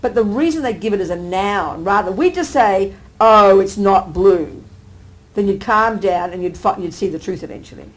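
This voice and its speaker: A woman Buddhist teacher giving a live talk, animated, often asking her listeners whether they agree and acting out everyday exclamations. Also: medium pitch, brisk, hardly any pauses, low-quality recording. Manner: acts out everyday exclamations with sudden lifts. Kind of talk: live dharma teaching to an audience.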